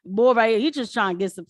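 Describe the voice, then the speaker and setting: A woman commenting on a live stream in casual slang, animated and laughing often. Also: fairly high pitch, dry recording, studio quality.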